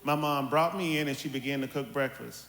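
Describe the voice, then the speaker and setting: A middle-aged man, telling candid family stories on a church panel and acting out his mother's voice with lively quotes. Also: mid-range voice, a little fast, creaky. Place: church hall. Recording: echoey hall with faint ambience.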